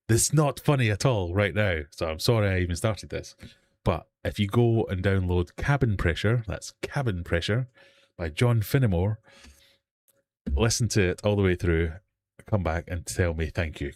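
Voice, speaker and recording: A man's voice: low voice, moderate pace, a little mellow, a little hiss or hum. A man hosting a casual live stream from his fish room, rambling and self-deprecating as he chats and runs a quiz. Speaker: host of a live fishkeeping hangout stream.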